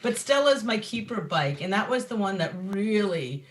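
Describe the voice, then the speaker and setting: Animated, laughing woman guest. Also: medium pitch, moderate pace. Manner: animated, swears, laughs often. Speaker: guest, map company founder. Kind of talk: casual chat.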